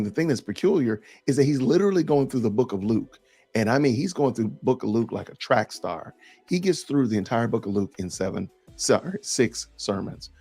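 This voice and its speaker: Podcast guy w a gravelly husky voice, emphatic and a bit sarcastic, faint music behind. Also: mid-range voice, darkish tone. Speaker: podcast host. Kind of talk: casual commentary reading comments.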